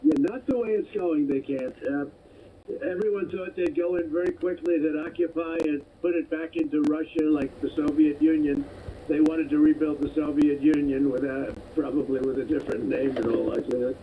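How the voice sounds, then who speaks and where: A man's voice: a little high, fairly even intonation, fairly quick. An older man answering a radio interviewer, meandering and rephrasing his points as he goes. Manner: meandering, repeats and rephrases himself. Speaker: interview guest. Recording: dull lo-fi radio clip with faint noise.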